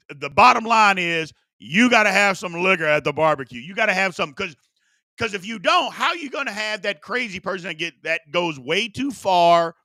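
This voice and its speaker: A man's voice: high-pitched, no room sound, clean studio sound. A man hosting a live-streamed talk show, chatting playfully with viewers and repeating his points for emphasis. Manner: animated, repetitive, playful asides. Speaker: sports talk show host.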